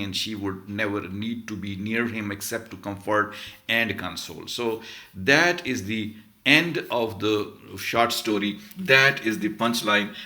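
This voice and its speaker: A man's voice: lowish voice, pushed and bright. A man, a literature professor, reading passages from a short story aloud and then explaining them in an emphatic lecture, repeating key phrases.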